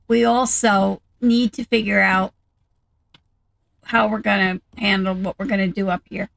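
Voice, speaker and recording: A woman talks through her game in a relaxed, unhurried way, thinking aloud as she goes. Her voice has a strong gravelly fry at mid pitch. The recording is dry and close, with almost no room sound. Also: dry recording, rough recording. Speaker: gaming video host. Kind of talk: casual game commentary.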